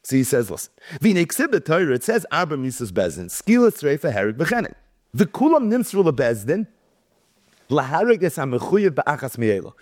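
The recording is dry and studio-clean, carrying a man's slightly high voice at a fairly quick pace. As a Torah teacher giving a Talmud lecture, he reads and translates Hebrew and Aramaic lines, then narrates with animation, taking on the voices of quoted figures.

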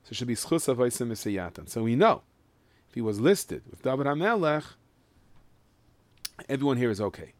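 A man teaching a Mishnah lesson in Yeshivish English with Ashkenazi Hebrew, explaining each line and chanting the Hebrew text slowly. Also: medium pitch, big pitch swings, no echo. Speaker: Torah teacher.

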